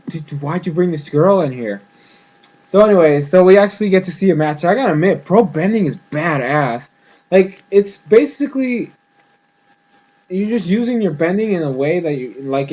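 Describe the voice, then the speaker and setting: A man giving a casual, rambling review of a cartoon episode, full of fillers and quick acted-out lines. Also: a little high, muffled recording. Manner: rambling, excitable, heavy use of "like" and "freaking"; acts out the characters' lines in quick bursts.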